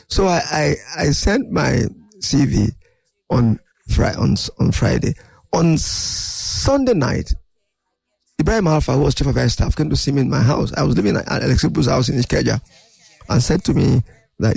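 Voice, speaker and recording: An older man, a guest in an interview, telling animated anecdotes and acting out other people's voices. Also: medium pitch, normal speed, gravelly, husky, no room sound. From Nigeria. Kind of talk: storytelling interview.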